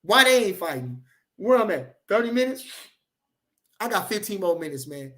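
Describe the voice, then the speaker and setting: A man's voice: high-pitched, big pitch swings, moderate pace, bright, forceful tone. A man chatting casually on a livestream, reading out comments in rambling, repetitive, profane hype talk.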